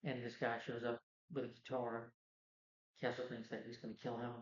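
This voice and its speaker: A man's voice: medium pitch, completely flat delivery, normal speed. Rambling man recapping a movie. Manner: rambling, full of "you know" and "like". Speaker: movie reviewer. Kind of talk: casual plot recap. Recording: roomy, dull lo-fi sound.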